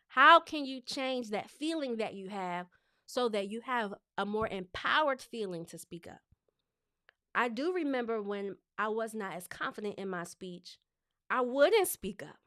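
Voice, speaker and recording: Woman coaching on speech live, smooth clear voice, super dry sound, very expressive. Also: mid-range voice, dry recording. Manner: lively, expressive, conversational.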